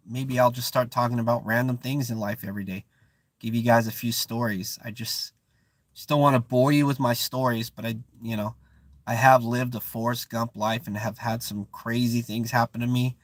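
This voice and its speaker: A man's voice: lowish voice, no echo. A man with a Bay Area accent whose first language is not English, hosting a casual live-stream chat and often stopping to search for words. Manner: searching for words, frequent restarts and fillers. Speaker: channel host.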